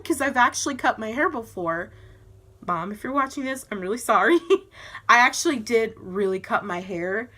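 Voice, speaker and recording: A teen vlogger with a bright, clear, mid-pitched voice chats to her camera from home, expressive and in no hurry. Her storytelling is giggly and loose, peppered with "like" and "um," and she performs everyone else's lines in their own voices.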